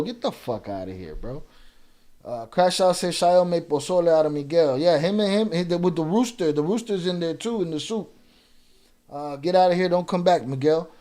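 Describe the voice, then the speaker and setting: High-voiced profane livestream host. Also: male voice, a little mellow. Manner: profane, confrontational, heavy street slang; reads viewer chat aloud. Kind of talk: casual livestream chat.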